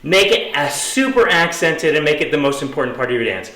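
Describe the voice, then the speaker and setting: A man's voice: on the high side, sing-song, fairly quick, sharp tone. A man teaching an online dance lesson, counting out beats while he moves and encouraging viewers as he goes. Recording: roomy echo, distant camera mic.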